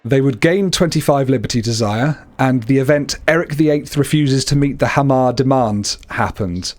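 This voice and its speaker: A man's voice: medium pitch, moderate pace. A man casually chatting while playing a strategy game, reading event text aloud in a laid-back, joking way. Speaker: co-op gamer, channel host. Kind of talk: casual gameplay chat.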